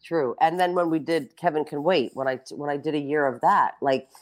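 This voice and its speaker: A woman in her fifties chatting casually as a guest, telling lively, profane stories. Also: low voice, a little fast. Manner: animated storytelling, profane. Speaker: celebrity guest. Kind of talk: casual chat.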